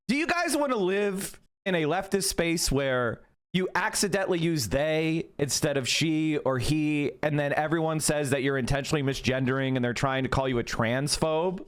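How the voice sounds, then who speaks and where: Middle-aged man, indignant streamer rant, swears a lot, repeats himself, fairly high voice. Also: normal speed, few pauses, clean tone. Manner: indignant, repetitive, profane. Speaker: livestream host. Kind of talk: heated livestream rant to chat.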